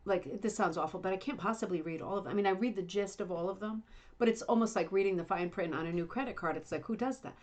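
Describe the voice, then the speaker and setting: A woman's voice: medium pitch, quick pace, a little mellow. A middle-aged woman hosting a casual livestream chat from home, chatty, rambling and self-deprecating. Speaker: livestream host. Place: home, Indiana.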